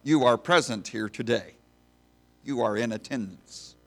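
A man's voice: mid-range voice, a little slow, creaky, a bit bright. A man preaching a sermon to a congregation in a folksy, storytelling manner. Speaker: pastor.

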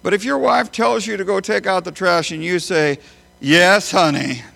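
A man preaching a sermon as a pastor, emphatic, swinging between loud high bursts and quiet low phrases. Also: moderate pace, gravelly. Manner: emphatic, with big swings in pitch and loudness.

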